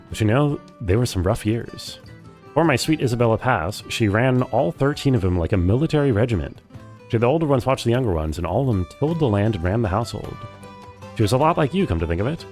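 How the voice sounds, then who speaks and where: A gruff old soldier and proud grandfather spins folksy, boastful stories about his big family and the wars he fought, as a man reads him aloud from a game. The voice is pushed up well above the reader's own, and a faint plucked guitar plays underneath. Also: medium pitch, big pitch swings, fairly quick, darkish tone, pitched above the performer's own voice. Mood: fond. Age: older.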